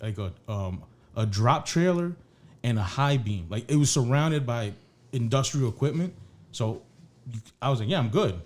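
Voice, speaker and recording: Man, casual podcast chat, rambling storyteller, swears a lot, mid pitch. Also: darkish tone. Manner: rambling, profane, restarts often. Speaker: podcast co-host.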